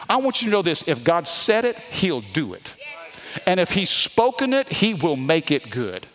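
Southern preacher with a Louisiana accent. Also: male voice, a little high, huge pitch swings, moderate pace, fairly bright tone. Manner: emphatic preaching with call-and-response to the congregation. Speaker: pastor. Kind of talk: sermon.

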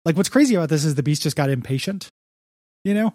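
A man's voice: a little high, lively intonation, fast, a little mellow, no echo, studio quality. A young man co-hosting a podcast, rambling through a comics recap with lots of fillers. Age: young adult. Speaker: podcast co-host. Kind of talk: casual comics discussion.

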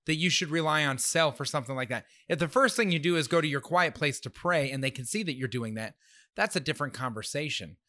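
A man's voice: fairly high pitch, quick pace, pushed and bright, no echo, studio quality. A middle-aged man with a slightly nasal voice, co-hosting a casual faith-based parenting chat in an earnest way, repeating words as he starts his thoughts. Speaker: podcast co-host.

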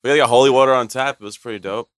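A man's voice: medium pitch, steady tone, racing, a bit bright, no room sound, studio quality. A man co-hosting a podcast outdoors, slangy and swearing freely in casual banter. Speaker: podcast co-host.

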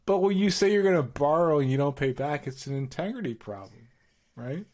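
A middle-aged man co-hosting a casual podcast chat, telling lively stories with slang and laughter. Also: a little high, brisk. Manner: animated storytelling with laughs and slang. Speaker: podcast co-host.

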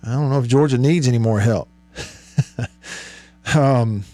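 A man's voice: medium pitch, unhurried, mellow, no room sound. A man hosting a sports call-in show, reading listener texts aloud and musing over them in a chatty way, with many fillers. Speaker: sports radio host.

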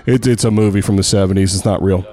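A man's voice: low-pitched, fairly even intonation, fast talker, mellow. Joking man hosting a podcast. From Pittsburgh area. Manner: joking, rambling questions. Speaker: podcast host and college tennis coach. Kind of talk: casual podcast chat.

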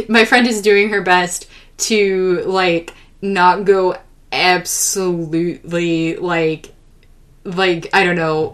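Exasperated young woman podcast host. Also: on the low side. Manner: exasperated, profane, animated retelling. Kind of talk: casual comedic storytelling.

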